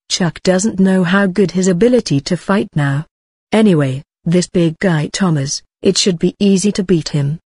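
A woman reading a novel aloud in an even, unhurried way with little expression. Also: lowish voice, husky, no echo, clean studio sound. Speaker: narrator. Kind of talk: scripted narration of a translated web novel.

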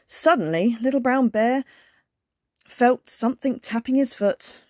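A woman's voice: a little high, measured pace, mellow, dry recording, studio quality. Sex: woman. Style: cheerful bedtime story reading.

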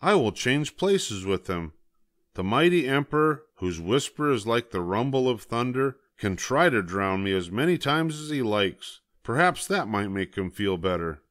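An older man voicing a bold, cheerful young brother in a storybook reading, with his voice lifted higher. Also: very animated, a little slow, fairly bright tone, no echo, clean studio sound. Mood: confident.

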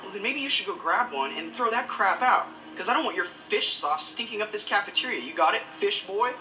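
A man's voice: high voice, expressive, brisk, music in the background. A sneering teenage bully boy. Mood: taunting. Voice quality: mocking, contemptuous. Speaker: school bully. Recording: roomy with noisy background.

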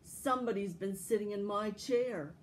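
A woman voicing a big, gruff father bear in a read-aloud fairy tale, in a loud, emphatic storytelling voice. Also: mid-range voice, normal speed, slight background noise, close to an everyday voice. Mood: grumbling.

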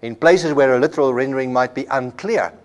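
A man lecturing at a Bible college in an unhurried, mid-pitched voice. He explains ideas with homely examples and often repeats a word as he restarts a phrase. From South Africa. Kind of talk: classroom lecture.

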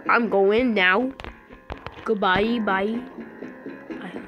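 A woman playing an online game, slightly hoarse from being sick, excitedly calling out what happens on screen. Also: mid-range voice, slow pace, highs cut off, over music. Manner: excitable, shouting out reactions to the game. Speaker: gamer.

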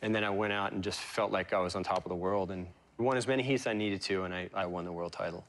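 A man with a fairly low voice recalls his past as an interview guest. He talks in a halting, emotional way, stopping and restarting often with fillers. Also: fairly even intonation, a bit bright, a little hiss or hum. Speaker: interview guest, pro surfer. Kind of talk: reflective interview storytelling.

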